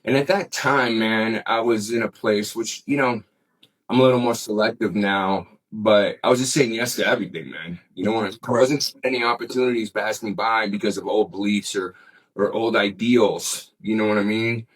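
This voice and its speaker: A middle-aged man with a lowish voice, speaking at normal speed, tells a story as a guest in an interview. His talk is casual, laid-back and rambling, full of swearing and frequent "man." The recording quality is low.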